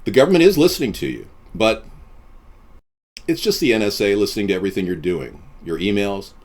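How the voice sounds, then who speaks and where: Lively low-voiced man rambling on a live stream. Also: brisk. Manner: deadpan, boastful, jumping between topics.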